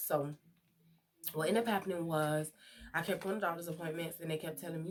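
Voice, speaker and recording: Bright-voiced chatty young woman vlogging. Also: on the low side, moderate pace, slight background noise. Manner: chatty, addresses viewers directly. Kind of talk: casual storytime vlog.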